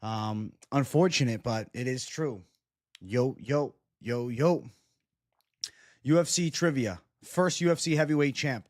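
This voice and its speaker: A man hosting a casual livestream and chatting with viewers, animated and profane. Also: mid-range voice, unhurried, no echo, clean studio sound. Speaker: livestream host.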